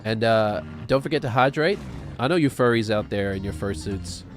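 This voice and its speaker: A man's voice: on the low side, moderate pace, soft background music. A man streaming a video game, rambling and joking offhandedly as he plays. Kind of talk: gaming stream commentary.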